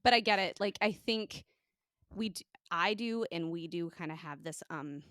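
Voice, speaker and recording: An American woman with an Upper Midwest accent, co-hosting a casual podcast chat with quick asides and frequent giggles. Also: fairly low pitch, a bit bright, dry recording, studio quality. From United States. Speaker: podcast co-host.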